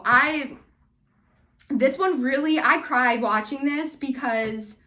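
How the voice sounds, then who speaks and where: A young woman vlogs a casual reality TV recap in a slightly high voice. She talks loosely, stacking fillers like "like" and "you know", and gets heated as she rants about the episode. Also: bright, forceful tone. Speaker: recap vlogger.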